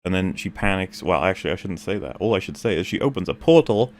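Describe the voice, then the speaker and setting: A man's voice: deep voice, lively intonation, fast talker, a little mellow. A man in a casual chat recapping a film scene by scene, hesitant, with many fillers and restarts. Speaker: stream panelist reviewing a film.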